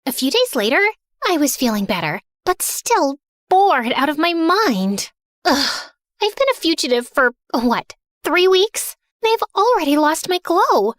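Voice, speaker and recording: Narrating a first-person animated drama as its heroine, a young woman uses a high voice that swoops all over. She sounds sassy, sarcastic and dramatic, speaking a little slowly. The recording is dry and close-miked, with no room sound.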